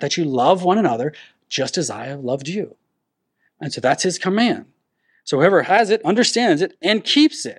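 A man preaching a sermon, teaching verse by verse with emphatic stresses and frequent restarts. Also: fairly high pitch. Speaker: pastor.

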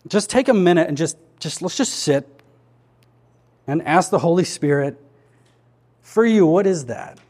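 A pastor speaking to his congregation in an earnest, conversational way, often turning to questions. His voice sits somewhat high for a man. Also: lively intonation, measured pace, long pauses, a little mellow, breathy edge. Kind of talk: sermon. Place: church.

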